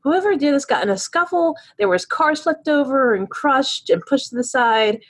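A woman's voice: high-pitched, lively intonation, normal speed, voice pushed up. A woman voicing a chatty clerk at a police station front desk, rambling with lots of fillers. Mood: gossipy.

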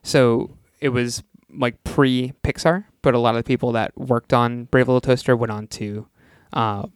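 A man co-hosting a casual podcast about movies, talking in a laid-back, halting way with frequent ums and laughs. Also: medium pitch, fairly even intonation, smooth, dry recording, clean studio sound. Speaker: podcast co-host.

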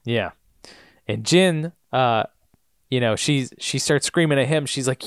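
A man's voice: mid-range voice, a little slow, smooth, no echo, studio quality. A man co-hosting a podcast, retelling a TV episode in casual chat and acting out the lines in funny voices. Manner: lively storytelling, acts out lines in funny voices. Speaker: podcast co-host.

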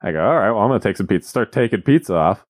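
A man's voice: on the low side, very fast, dry recording, clean studio sound. A man co-hosting a podcast, telling stories in casual banter and acting out quotes with exaggerated voices. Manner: animated, jokey, acts out quotes in exaggerated voices. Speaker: podcast co-host.

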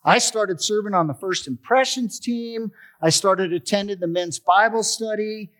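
Expressive man telling his recovery story. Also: sits high, measured pace. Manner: storytelling, expressive, acts out dialogue. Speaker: testimony speaker. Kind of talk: personal recovery testimony.

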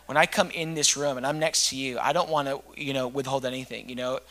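A man's voice: medium pitch, steady tone, quick pace, pushed and bright. A man pastor preaching a sermon, telling a story in an earnest way.

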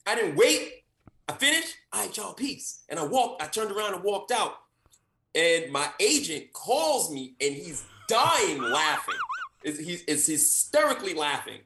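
A male actor recounts an audition with animated delivery. His voice is bright and swings widely in pitch. The sound is roomy and echoey. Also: unhurried. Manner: animated, acts out quotes with big voice swings. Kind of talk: animated storytelling.

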